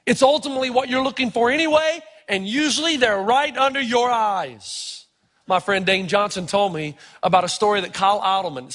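A middle-aged man preaching a sermon, telling stories with animated, sometimes shouted emphasis. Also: very high voice. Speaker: pastor. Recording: long reverb of a large hall.

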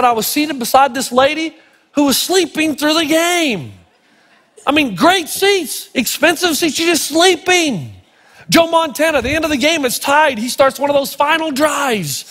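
Middle-aged pastor with a very high voice, playful storyteller, hall reverb. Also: male voice, a bit bright, slightly rough. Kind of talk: sermon.

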